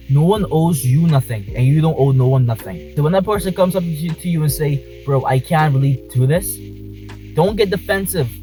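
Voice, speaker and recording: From inside a car, a man vlogs to the camera, speaking passionately and emphatically and repeating his points. His voice is a little high with a warm tone, and the recording quality is low.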